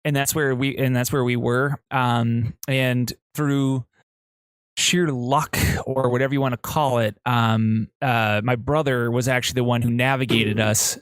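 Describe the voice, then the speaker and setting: A man's voice: mid-range voice, fairly even intonation, smooth, no echo. Man with a bone-dry, close sound. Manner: rambling, halting, with many fillers and restarts. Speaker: podcast co-host. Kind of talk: casual chat, storytelling.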